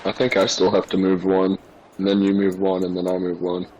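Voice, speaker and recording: Deep-voiced man asking game questions. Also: monotone, brisk, a little mellow, slight background noise, poor audio. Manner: asks questions, mutters to himself. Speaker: player. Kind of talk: casual tabletop game talk.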